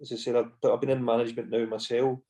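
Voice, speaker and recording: A man's voice: medium pitch, level tone, rapid-fire, dark tone. A Scottish man in his forties, a former footballer guesting on a podcast, telling long casual stories full of "you know" asides. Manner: rambling anecdotes with frequent "you know" and swearing. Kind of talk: casual storytelling chat.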